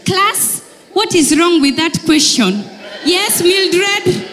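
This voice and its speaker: A high, pompous schoolteacher voice, bossy and correcting, as a woman comedian puts her on. The sound carries a long reverb from a big hall, with a faint hiss behind. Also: lively intonation, slow pace, fairly bright tone, exaggerated voice. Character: pompous strict female English teacher.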